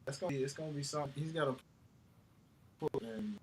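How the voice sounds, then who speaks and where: A man's voice: fairly high pitch, fairly even intonation, quick pace, background noise. A man in a casual chat, laid back and trailing off into fillers.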